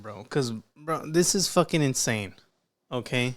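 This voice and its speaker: Slow, gravelly man reacting bluntly. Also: medium pitch, lively intonation, fairly bright tone. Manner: blunt, swears freely, calls the audience "bro" and "dude". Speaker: reaction video host. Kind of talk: casual reaction commentary.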